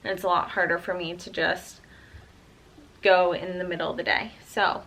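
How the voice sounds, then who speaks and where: A woman's voice: fairly low pitch, flat delivery, moderate pace, a bit bright, poor audio. A woman in her twenties, a vlogger, telling a personal story in a casual, chatty way, with plenty of "um" and "like". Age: 20s. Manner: chatty, full of "um" and "like".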